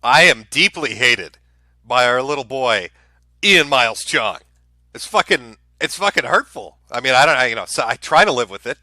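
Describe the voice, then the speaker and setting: A man's voice: mid-range voice, expressive, normal speed, bright, forceful tone, dry recording. A man hosting a live stream, giving casual commentary in a sarcastic, profane, ranting way. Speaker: streamer host.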